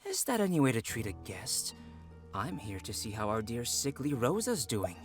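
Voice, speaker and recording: A man's voice: medium pitch, huge pitch swings, normal speed, faint music behind. A man voicing a rude, greedy schemer in a video game, with a sneering, mocking manner. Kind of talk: game voice acting.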